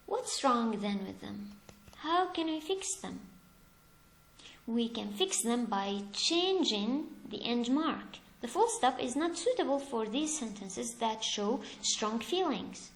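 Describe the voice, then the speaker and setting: A woman teaching grammar in a slightly high voice, speaking very slowly and deliberately. She asks her pupils questions and then answers them herself, leaning hard on each example. The room around her echoes. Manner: lively, stresses examples with rising emphasis. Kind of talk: slow, deliberate classroom explanation.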